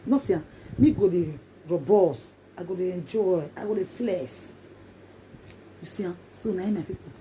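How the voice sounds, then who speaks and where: A woman's voice: lowish voice, normal speed, mellow, a little hiss or hum. Emphatic Nigerian woman vlogging. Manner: emphatic and repetitive, in Pidgin English. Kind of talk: casual monologue to viewers.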